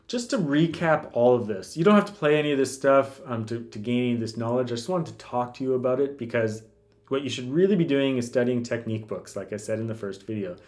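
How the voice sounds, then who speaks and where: A man teaching classical guitar in a relaxed, casual way, thinking aloud with lots of fillers and restarts. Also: medium pitch. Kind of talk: casual instructional talk.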